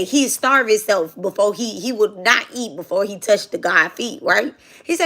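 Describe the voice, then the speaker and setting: A woman's voice: medium pitch, unhurried, a bit bright. A woman chatting casually on a livestream while she cooks, rambling and slangy as she tells a spiritual story. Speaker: spiritual content creator.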